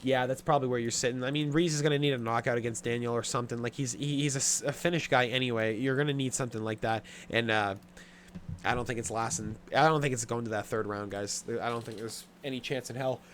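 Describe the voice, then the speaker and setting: A young man runs through his sports betting picks on his show, offhand and blunt, cursing often and full of fillers. He talks fast at medium pitch with fairly even intonation, over a little hiss or hum.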